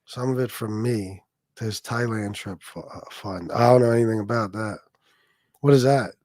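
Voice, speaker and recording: A man's voice: fairly low pitch, moderate pace, a little mellow, dry recording, clean studio sound. A man hosting a livestream, ranting at people in a heated, sarcastic, profane way. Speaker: livestream host.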